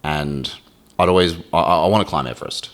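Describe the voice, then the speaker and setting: Very deep-voiced man, candid and emotional. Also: fairly quick, fairly bright tone. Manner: emotional, swears freely, acts out his inner voice. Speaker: podcast guest. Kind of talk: candid conversation.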